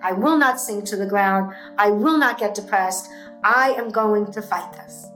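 A woman's voice: mid-range voice, measured pace, fairly bright tone, faint music behind. Intense, emphatic woman in a roomy space. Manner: intense, emphatic, swears when fired up. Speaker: guest, entrepreneur. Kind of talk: emotional interview talk. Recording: roomy echo.

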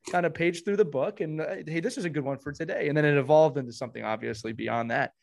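A man hosting a hockey podcast, chatting casually and warmly, with frequent restarts and repeated words. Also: fairly high pitch, quick pace, creaky, slight background noise. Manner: warm, rambling, many restarts. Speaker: podcast host.

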